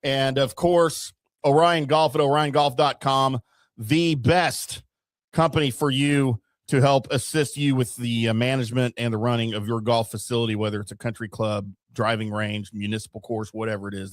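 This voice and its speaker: A man's voice: mid-range voice, fairly even intonation, a little fast, dry recording, clean studio sound. A man co-hosting a casual sports talk show, joking around and wrapping up the episode with sponsor reads. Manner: jokey, talks with his mouth full. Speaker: podcast co-host.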